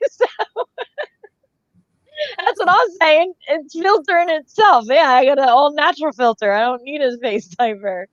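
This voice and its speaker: A chatty woman in a casual conversation, her voice a little high. She coughs and laughs as she talks. The recording is dry and dull, with a lo-fi sound. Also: normal speed, no room sound. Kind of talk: casual chat.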